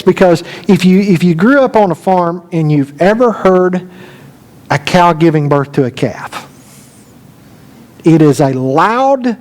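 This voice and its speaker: A middle-aged male preacher telling a folksy, animated story during a sermon. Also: high-pitched.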